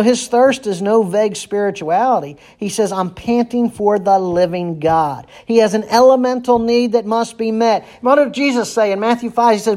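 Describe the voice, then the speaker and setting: A man's voice: very high-pitched, darkish tone. A man preaching a sermon as pastor, earnest and repeating phrases for emphasis.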